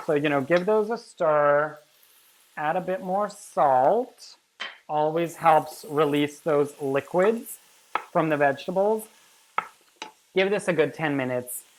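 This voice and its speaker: Brash low-voiced woman hosting cooking. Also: slow pace, pauses often, slight background noise. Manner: brash, swears freely, teasing insults at viewers. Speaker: cooking show host. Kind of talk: casual cooking demonstration.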